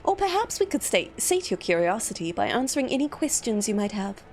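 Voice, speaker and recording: A woman's voice: fairly high pitch, sing-song, fairly quick, faint music behind. A woman voicing a villain-coded male secretary who speaks with formal, fawning politeness in a raised voice. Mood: smooth.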